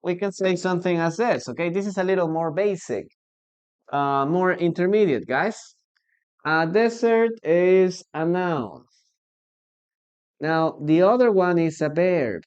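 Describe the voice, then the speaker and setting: Man, Peruvian Spanish accent, English teacher, slow deliberate delivery, smooth clear voice. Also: high-pitched, lively intonation. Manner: slow and deliberate, repeating words for learners. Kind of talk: online English lesson.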